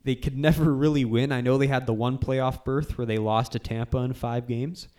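A man's voice: mid-range voice, fairly even intonation, moderate pace, darkish tone, smooth. A man hosting a casual sports podcast, talking loosely with frequent restarts. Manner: loose, rambling, restarts and laughs. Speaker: podcast host.

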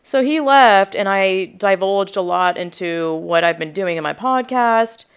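A young woman podcast host telling a story in a rambling, animated way, full of asides and quoted reactions, with a sore throat. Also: mid-range voice, measured pace, clear, resonant tone. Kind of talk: casual storytelling.

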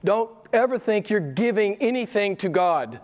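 A middle-aged male pastor delivering a sermon with a fairly high voice. He swings from loud, emphatic declarations down to hushed, near-whispered asides, keeping the congregation leaning in. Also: expressive, moderate pace, slight background noise.

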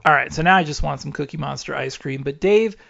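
A man with a slightly high, gravelly voice co-hosts a podcast, talking loosely and laughing along. He wanders through his points with lots of fillers, and the sound is dull and lo-fi. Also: fast talker, fairly bright tone, soft background music. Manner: rambling, filler-heavy, laughs often. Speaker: podcast co-host. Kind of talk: casual sports-radio chat.

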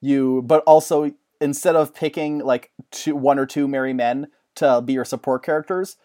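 Excitable rambling man chatting. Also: mid-range voice, normal speed. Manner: excitable, rambling, laughs often. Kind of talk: casual chat.

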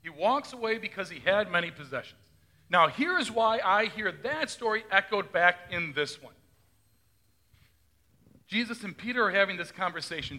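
A man's voice: high-pitched, lively intonation, normal speed, sharp tone. A male pastor giving a conversational sermon, often asking his congregation questions and retelling scripture in his own words.

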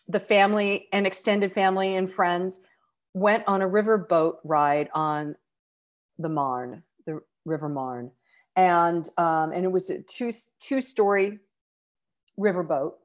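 A middle-aged American woman telling a heartfelt personal travel story, halting with fillers and close to tears. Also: lowish voice. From United States. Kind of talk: personal anecdote.

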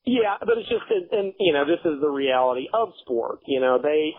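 Blunt husky man ranting. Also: a little high, expressive, normal speed. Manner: profane, emphatic, ranting. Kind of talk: blunt casual chat. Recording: tinny phone-like audio.

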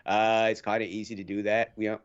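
A man from Nova Scotia co-hosting a hockey podcast in casual chat. He is animated, laughs often, and talks with lots of fillers. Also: fairly low pitch, quick pace, smooth, highs cut off. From Nova Scotia, Canada. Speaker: podcast co-host.

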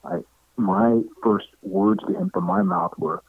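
Gravelly middle-aged man on a tinny line. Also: a little high, measured pace, no echo. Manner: animated, acts out other people's lines, laughs often. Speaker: interview guest. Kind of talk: casual storytelling. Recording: tinny phone-like line, dry.

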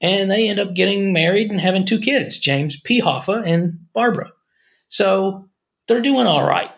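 A man co-hosting a podcast speaks at a normal speed in a high voice with vocal fry. He rambles casually through stories and jokes, often restarting as he goes.

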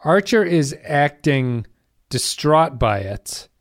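A man's voice: fairly high pitch, sing-song, slow pace, no echo, clean studio sound. A man co-hosting a casual podcast discussion, thinking aloud and reading out listener comments. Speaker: podcast co-host.

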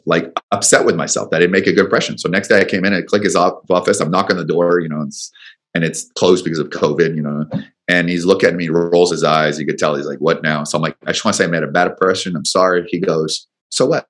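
A man telling business stories as an interview guest, animated and quick to repeat words as he goes. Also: sits low. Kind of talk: storytelling in an interview.

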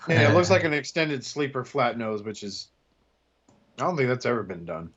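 A man's voice: medium pitch, moderate pace, fairly bright tone, husky. A man co-hosting a casual podcast, rambling through stories and swearing freely. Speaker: podcast co-host. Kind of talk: casual chat. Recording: dull lo-fi sound.

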